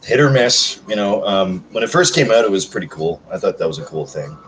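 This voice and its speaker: A man's voice: deep voice, lively intonation, brisk, a bit bright, a little hiss or hum, rough recording. A man in his thirties chatting casually on a livestream, reading out comments in a rambling, self-joking way. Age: 30s. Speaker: livestream host.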